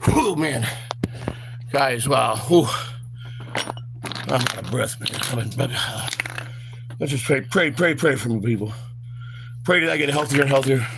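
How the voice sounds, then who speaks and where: A man's voice: mid-range voice, measured pace, vocal fry, pauses often, noisy background. Rambling man vlogging outdoors. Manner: rambling, with many fillers and stammered repeats. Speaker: vlog host. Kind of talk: rambling walk-and-talk vlog.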